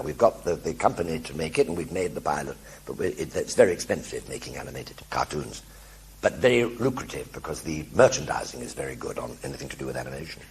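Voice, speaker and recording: An older man telling anecdotes in a one-man stage show before an audience, animated and acting out the voices of everyone in his stories. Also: deep voice, creaky, a little hiss or hum. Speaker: stage performer.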